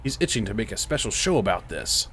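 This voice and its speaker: A man's voice: lowish voice, big pitch swings, quick pace, a bit bright, a little hiss or hum. A man reading as a pushy female TV reporter. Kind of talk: reading game dialogue aloud.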